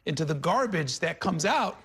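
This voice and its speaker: A male television host steers a political panel with brisk, wry remarks. His voice sits somewhat high for a man. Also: sing-song, fairly bright tone, husky. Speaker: news show host.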